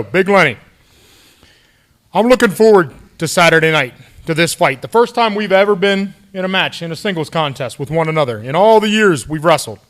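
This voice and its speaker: A man cutting a wrestling promo with cold, measured threats to his opponents. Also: on the high side, fairly bright tone.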